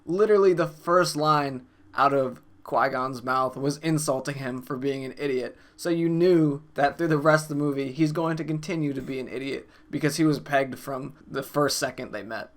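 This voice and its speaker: A man's voice: medium pitch, normal speed, hardly any pauses. A man in his twenties, co-hosting a casual movie review, talking in a laid-back way. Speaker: co-host of a movie review show.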